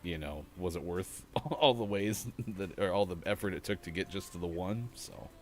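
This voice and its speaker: A man co-hosting a gaming morning show, talking in a relaxed, wry way that often trails off. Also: low-pitched, normal speed. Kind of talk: casual morning show banter.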